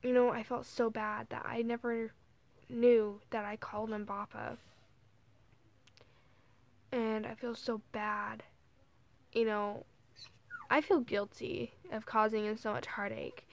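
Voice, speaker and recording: A teenage girl vlogging casually, talking softly and hesitantly with many fillers while holding back tears. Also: a little high, little pitch movement, takes it slowly, creaky, pauses often. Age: teens. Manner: soft, hesitant, full of "like" and "you know". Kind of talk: casual emotional vlog.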